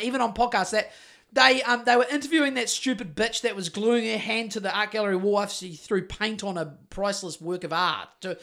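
Sweary ranting New Zealand man, high voice. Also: sharp tone. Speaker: podcast host. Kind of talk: casual chat.

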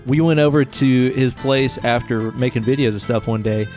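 A man's voice: mid-range voice, moderate pace, a little mellow, faint music behind. A man co-hosting a podcast in casual, joking chat, swearing freely and hamming up mock-dramatic lines. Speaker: podcast co-host.

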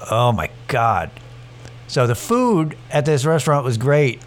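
A man's voice: medium pitch, sing-song, unhurried. A man hosting a podcast, telling a rambling, profane story in a casual way with many restarts. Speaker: podcast host.

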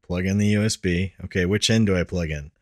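A man's voice: low-pitched, brisk, darkish tone, no room sound, studio quality. A man hosting a podcast, telling a story in casual chat, laughing often and swearing freely. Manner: profane. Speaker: podcast host.

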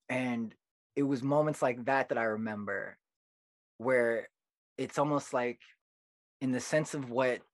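A man talks as a poet guest on a podcast, animated and earnest as he tells his stories. His voice sits at an everyday pitch. The recording is dry, with no room sound. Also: no echo. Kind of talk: casual podcast conversation.

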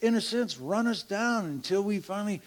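A middle-aged man telling a church testimony in a slow, halting way, with laughs and hushed asides. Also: high-pitched, lively intonation. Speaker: church member sharing a testimony.

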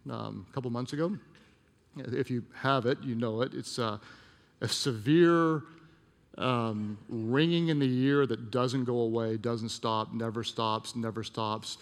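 A pastor, male and mid-range in pitch, gives a sermon in a gravelly voice that echoes through the lengthy reverb of a big auditorium. Sharing a personal story, he pounds phrases through repetition and grows soft and slow when things turn tender.

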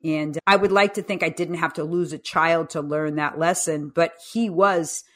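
Deep-voiced and moderately paced, she's a woman in her fifties who coaches and writes. In a podcast interview she tells lively stories, impersonating the voices she quotes.

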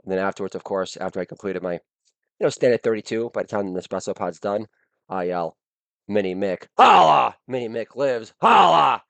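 A man hosting a podcast with a blown-out, hoarse voice, delivering a crude comedic rant broken up by sudden shouted catchphrases. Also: sits low, a little fast, dry recording. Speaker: podcast host.

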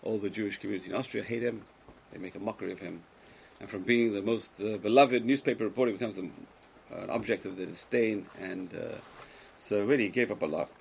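A man giving a Torah lecture to a live class, speaking emphatically, swinging between loud exclamations and quiet asides, and putting questions to his listeners. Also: lowish voice, fast talker, vocal fry, a little hiss or hum, rough recording. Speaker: Torah teacher.

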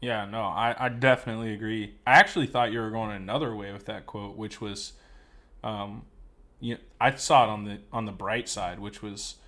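A man's voice: on the low side, steady tone, moderate pace, pushed and bright. A man co-hosting a casual faith podcast, talking in an easygoing, hesitant way with plenty of fillers. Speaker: podcast co-host.

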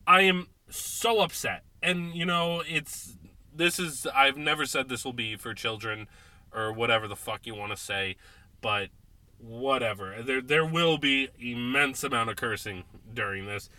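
A tipsy man hosting a casual sports podcast, ranting and swearing in exasperation, with sudden loud outbursts between beers. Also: medium pitch, measured pace, no room sound. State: drinking beer, tipsy. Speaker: podcast host.

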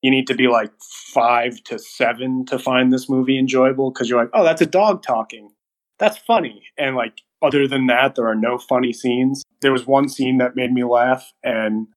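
A young man co-hosting a movie podcast, telling the story in a casual, animated way, acting out quotes and laughing often. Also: medium pitch, moderate pace, hardly any pauses, low-quality recording. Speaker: podcast co-host reviewing movies. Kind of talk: casual chat.

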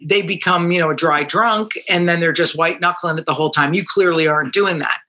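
A retired stand-up comic with a bright, sharp-edged voice. They speak in a relaxed, reflective way, agreeing readily and working through thoughts out loud in casual talk. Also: medium pitch, a little fast. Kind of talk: casual conversation.

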